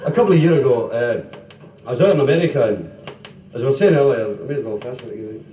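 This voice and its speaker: Scottish club comic, roomy old live tape. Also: male voice, mid-range voice, fast, slight background noise. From Scotland. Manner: joke-telling banter, bursts into comic songs. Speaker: stand-up comic and singer. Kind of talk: live club comedy with songs. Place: police social club function room. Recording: dull roomy 1970s live club recording from a distance. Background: band music and laughing audience.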